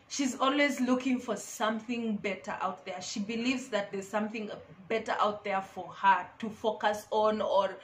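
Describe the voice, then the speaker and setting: A woman's voice: medium pitch, fairly bright tone, slight background noise. A woman vlogger giving casual, emphatic advice to camera, repeating her key phrases.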